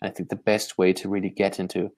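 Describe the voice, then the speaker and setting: A man from Austria whose first language is German, a guest on a live online talk giving startup pitch advice in an emphatic, energetic way. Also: fast. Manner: energetic, emphatic, repeats words when starting a point.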